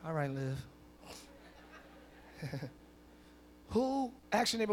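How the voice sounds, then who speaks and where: A man preaching a sermon as pastor at a live church service, swinging from soft conversational asides to loud shouted declarations with call-and-response. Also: a little high, big pitch swings, extremely slow, slight background noise. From northern United States.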